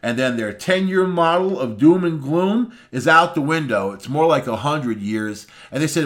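A man's voice: medium pitch, expressive, moderate pace, few pauses. A man hosting a daily talk radio update, giving loose, folksy, opinionated commentary and often tossing in "man.".

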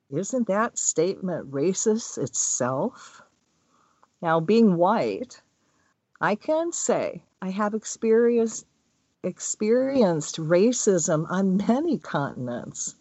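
A woman who works as a spiritual energy healer, giving a chatty, rambling and expressive talk. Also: medium pitch, no echo. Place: Hawaii. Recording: dull, dry recording.

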